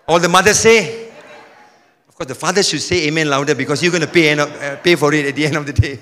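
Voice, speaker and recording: A man preaching a sermon with energy, now and then rising to a shout. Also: on the high side, fast talker, in a large hall, slight background noise. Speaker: pastor.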